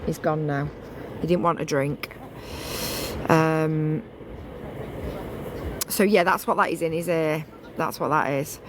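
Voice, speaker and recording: A woman's voice: deep voice, fairly even intonation, takes it slowly, pauses often, background noise. A woman vlogging casually outdoors on a beach, talking in a rambling, chatty way with many restarts.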